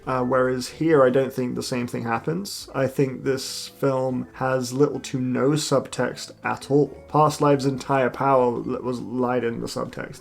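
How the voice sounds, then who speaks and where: Guy rambling thru a movie review, slangy, says like a lot, mid-pitched voice, faint music under. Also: creaky, a little mellow. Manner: chatty and slangy, with many fillers and restarts. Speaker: film reviewer. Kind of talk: casual spoken film review.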